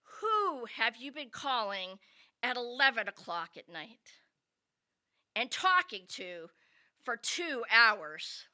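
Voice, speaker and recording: A woman's voice: a little high, big pitch swings, slow pace, pushed and bright, full character voice. A woman voicing her stern, pious grandmother scolding a teenage granddaughter. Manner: scolding, repeating herself.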